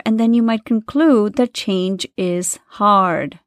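A woman's voice: medium pitch, takes it slowly, no room sound, studio quality. A woman hosting a self-help podcast, talking directly to listeners in an earnest, coaching way. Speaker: podcast host.

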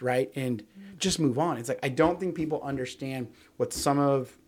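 A chatty man on a casual podcast, talking at a medium pitch. He tells stories with lots of fillers and asks "right?" often. He acts out the quotes in his stories. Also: moderate pace, husky. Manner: animated storyteller, many fillers and "right?"; acts out quotes in other voices. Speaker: podcast co-host. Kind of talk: casual sports talk.

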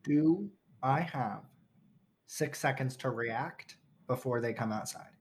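A player at a tabletop game, talking in a mid-range voice with playful, quick banter. Faint room noise sits behind the voice. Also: mid-range voice. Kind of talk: casual tabletop game chat.

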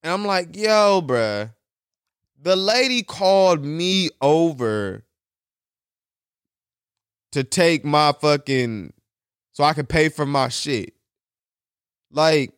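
A young man hosting a podcast, telling a story in an animated, profane, slang-heavy solo rant. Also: fairly high pitch, slow pace, long pauses, clear, resonant tone. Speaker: podcast host.

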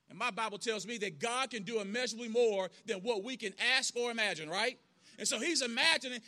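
Brief: high-voiced male preacher, earnest, repeats phrases in rhythm, outdoor service. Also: pushed and bright. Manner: earnest, rhythmic repetition, quick bursts. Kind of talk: storytelling sermon.

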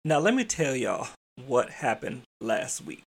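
A man's voice: mid-range voice, big pitch swings, measured pace, gravelly, breathy edge. A man hosting a podcast, telling a work story in a casual, chatty way and talking straight to his listeners. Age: adult father. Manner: chatty, addresses listeners as y'all, mild swearing. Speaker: podcast host.

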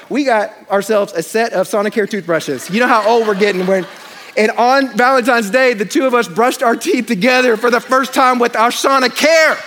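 Man, higher voice, pastor, church sermon, humorous storytelling, talks to congregation. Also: sharp tone, a little hiss or hum.

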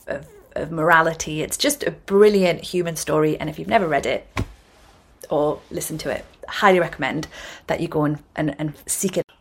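A woman's voice: low-pitched, vocal fry, husky. A woman hosting a yoga podcast, explaining ideas in a chatty, self-correcting way with frequent restarts. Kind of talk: casual explanatory talk.

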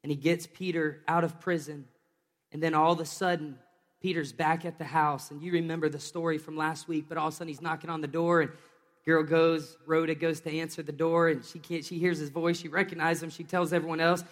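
A man preaching a lively sermon from a church stage, joking with volunteers between points. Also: on the high side, brisk, in a large hall. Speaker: pastor.

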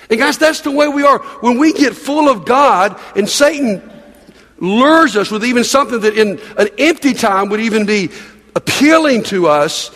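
A man's voice: extremely high pitch, lively intonation, normal speed, a bit bright. An older man, a pastor with grandchildren, preaching a sermon in a conversational way, asking the congregation questions and repeating words as he goes. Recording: long reverb of a large hall.

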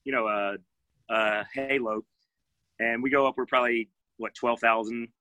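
A man's voice: medium pitch, steady tone, normal speed, sharp tone, dry recording. A man, a former Navy SEAL guest, telling jump stories in a laid-back way with dry humor. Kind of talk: casual storytelling chat.

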